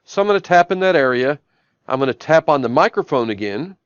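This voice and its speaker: A brisk, smooth, expressive man with a fairly high voice runs a live-stream training session on a shop tablet app from his office. He explains each action one step at a time, always leading with "I'm gonna," in dull audio with no echo.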